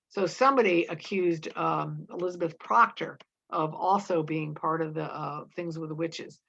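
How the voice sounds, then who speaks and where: A woman's voice: sits low, moderate pace, gravelly, a bit bright. A woman reading scenes from a play aloud for a lesson, explaining as she goes, with fillers and self-corrections. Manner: reads lines with frequent fillers and self-corrections. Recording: dull lo-fi recording.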